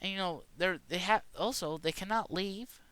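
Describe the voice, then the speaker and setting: Bright, crisp-voiced man ranting. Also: high-pitched, moderate pace, dry recording. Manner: rambling mock-conspiracy rant, many restarts. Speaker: vlogger. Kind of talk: casual joking monologue.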